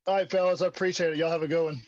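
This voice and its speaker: A man in his thirties with a Mississippi drawl, a relaxed interview guest on a video call who calls people man and dude. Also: on the high side, very fast, no echo, dull audio. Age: 30s. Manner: laid-back drawl, says man and dude a lot. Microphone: computer video call.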